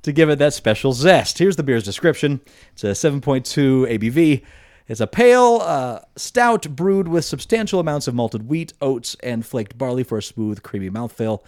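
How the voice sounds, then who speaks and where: A man hosting a casual podcast who reads offbeat news items aloud. His voice is mid-pitched and lively. The sound is dry and close. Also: normal speed, no echo. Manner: reads stories aloud with asides. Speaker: podcast host reading news stories. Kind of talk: casual chat and news reading.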